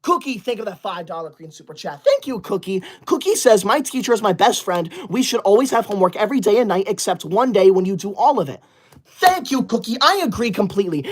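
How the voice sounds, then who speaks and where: A man's voice: high-pitched, fairly bright tone. Indignant bossy man running a livestream. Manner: indignant, bossy, snaps at viewers and bans them; prim praise for good students. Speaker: livestreamer reading super chats. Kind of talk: comedic livestream skit.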